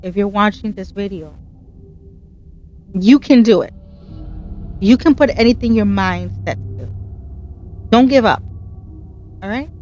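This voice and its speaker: An earnest woman chats through her gameplay in a heartfelt, encouraging way, her voice sitting at an ordinary middle pitch. She tells her stories with animation, and the recording has a slightly dull, lo-fi sound. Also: measured pace, pauses often, a little mellow, faint music behind. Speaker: gaming channel host. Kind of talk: casual gameplay commentary.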